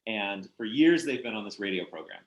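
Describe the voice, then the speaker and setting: A man's voice: lowish voice, animated, brisk, muffled recording. A man talking through a book in a casual literary discussion, thoughtful and hesitant, with many fillers and restarts. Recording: roomy echoey room.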